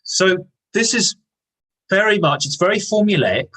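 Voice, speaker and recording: A man's voice: sits high, animated, a little slow, fairly bright tone, low-quality recording. A man teaching an online English lesson. He explains patiently and repeats key words. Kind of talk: online lesson with reading aloud.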